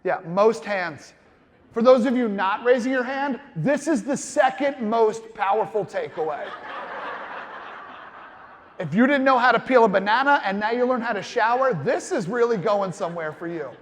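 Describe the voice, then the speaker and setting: A man in his thirties with a notably high voice delivers a comedic motivational keynote. He is playful and self-deprecating, slipping into quick acted voices. The sound carries the long reverb of a large hall. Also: animated, a little hiss or hum. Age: 30s. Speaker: keynote speaker. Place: large conference hall with audience.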